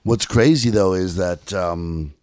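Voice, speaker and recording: A man co-hosting a podcast, speaking haltingly and repeating words as he thinks. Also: sits low, a little mellow, no room sound, clean studio sound. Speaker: podcast co-host. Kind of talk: casual podcast chat.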